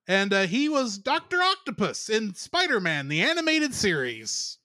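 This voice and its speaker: A man's voice: high-pitched, pushed and bright, no echo, clean studio sound. A man co-hosting a casual podcast review, chatty and giggling often as he runs through the cast. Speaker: podcast co-host.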